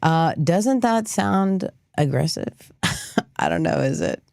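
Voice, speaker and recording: Woman, show host, low voice, slow delivery, casual rambling commentary. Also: lively intonation, creaky, darkish tone, no room sound, studio quality. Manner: rambling, chatty, many fillers. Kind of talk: casual live news commentary.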